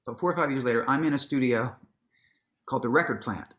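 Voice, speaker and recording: A man telling a long anecdote in an onstage conversation, casual and profane, acting out what people said with sudden jumps in his voice. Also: quick pace. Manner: animated storyteller, acts out quotes with big pitch jumps; casual, swears freely, restarts sentences. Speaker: guest, musician and author.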